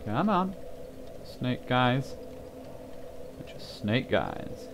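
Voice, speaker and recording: Lively man narrating gameplay. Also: medium pitch, drawn-out words, background noise. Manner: chatty, exclaiming and swearing at enemies. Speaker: gaming channel host. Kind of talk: casual let's-play commentary.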